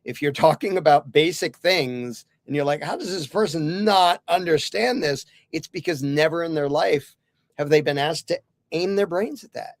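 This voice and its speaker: A man's voice: fairly high pitch, moderate pace, no echo. A man talking as a podcast guest and author, earnestly explaining his ideas through hypothetical questions in a casual interview.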